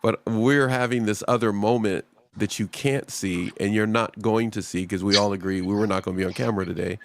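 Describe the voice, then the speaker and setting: A man's voice: fairly low pitch, steady tone, fairly quick. A man hosting a casual talk show, rambling and speaking straight to his audience. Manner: rambling, addresses the audience directly. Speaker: host.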